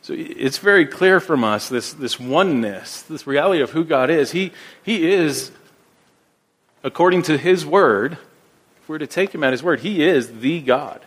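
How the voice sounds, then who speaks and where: A man preaching a sermon as pastor, earnest, often repeating words as he builds his points and slowing down for scripture quotes. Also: on the high side, animated, a bit bright, slightly rough.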